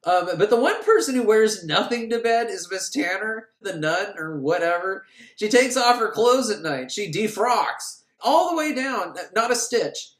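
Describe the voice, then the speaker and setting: A man recapping a film for laughs, crude and sarcastic, acting out the characters in shrill voices. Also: sing-song, normal speed, a bit bright. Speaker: podcast host recapping a film. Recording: echoey room.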